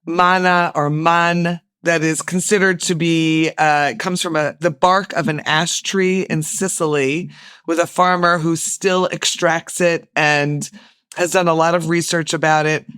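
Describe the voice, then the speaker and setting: A woman's voice: sits low, steady tone, unhurried, fairly bright tone, clear, resonant tone, no room sound, clean studio sound. A woman hosting a news podcast, conversationally asking her guest questions. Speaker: podcast host.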